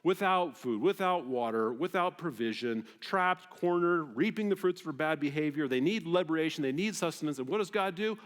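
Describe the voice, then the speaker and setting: A man preaching a sermon as pastor, conversational and animated, often checking in with the congregation. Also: on the high side. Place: church sanctuary. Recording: long hall reverb in a church.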